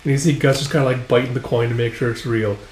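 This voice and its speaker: A man's voice: mid-range voice, fairly even intonation, fast talker, a little mellow, a little hiss or hum. Casual man recapping a comic. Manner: loose, filler-heavy retelling. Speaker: comics reader and commentator. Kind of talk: casual read-through recap. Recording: roomy echo.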